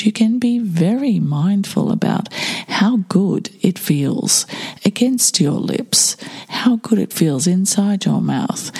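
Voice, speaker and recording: Brief: wry woman podcast host, casual, dark and husky. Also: low voice. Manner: wry, sarcastic asides. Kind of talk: casual chat.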